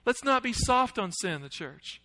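A man preaching a sermon, asking the congregation questions and swinging between loud, urgent lines and hushed ones. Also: extremely high pitch, sing-song, normal speed, low-quality recording. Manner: asks the audience questions.

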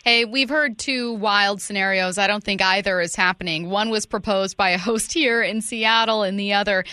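A woman's voice: medium pitch, normal speed, pushed and bright, smooth, no echo. A woman co-hosting a sports radio show, asking questions in a playful way and laughing as she goes. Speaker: radio co-host.

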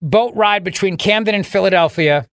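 A man's voice: sits high, moderate pace, fairly bright tone, dry recording, studio quality. A male radio talk show host bantering sarcastically, rambling and laughing at his own jokes. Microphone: studio microphone.

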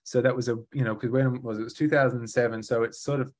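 A man's voice: medium pitch, fairly even intonation, quick pace. Rambling, laughing man. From Australia. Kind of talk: casual chat.

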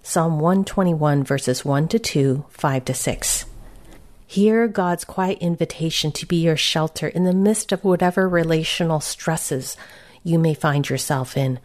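Woman, guided Christian devotional meditation, very slow, soft and soothing, reflective. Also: low-pitched. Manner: gentle, unhurried, soothing, reflective.

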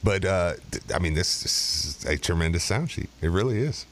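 Man, studio co-host, chatty, laughs a lot, stumbles and restarts, animated pitch. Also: normal speed. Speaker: sports radio co-host. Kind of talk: casual sports talk. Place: radio studio.

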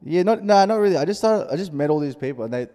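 A man's voice: fairly high pitch, animated, quick pace, dark tone, long reverb tail. A man with an Australian accent, a podcast guest, telling stories in a rambling, laid-back way. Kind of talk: casual chat.

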